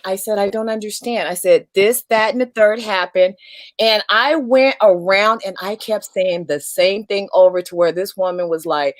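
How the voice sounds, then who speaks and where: A woman's voice: mid-range voice, moderate pace, dry recording. A woman in a casual livestream chat, telling a candid, wry story.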